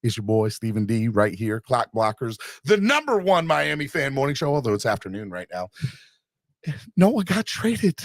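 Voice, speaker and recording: A man hosting a live sports podcast, loud and exuberant, shouting and cheering. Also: mid-range voice, big pitch swings, normal speed, no echo, studio quality. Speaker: podcast host.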